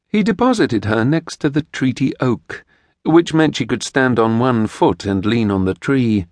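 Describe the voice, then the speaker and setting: Male audiobook narrator, expressive, middle pitch, dead-dry studio mic. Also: normal speed, dry recording. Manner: expressive storytelling. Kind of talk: scripted narration.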